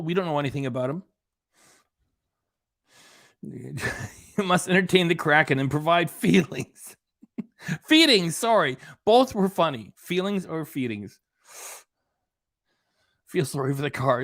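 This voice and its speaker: A man's voice: fairly high pitch, lively intonation, measured pace, long pauses, fairly bright tone, no echo, clean studio sound. A man hosting a reaction channel, giving sarcastic, rambling casual commentary.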